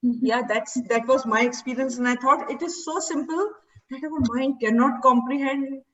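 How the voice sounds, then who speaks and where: A higher-voiced woman gives a lively personal testimonial and acts out bits of dialogue as she goes. She sits a little back from the mic, and the recording sounds dull and lo-fi. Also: moderate pace, far from the mic. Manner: animated storytelling, acting out remembered dialogue. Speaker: seed therapy teacher.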